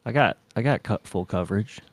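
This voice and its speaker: A man co-hosting a casual podcast chat, deadpan and full of crude jokes, who introduces the songs. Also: lowish voice, brisk, no room sound, clean studio sound. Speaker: co-host.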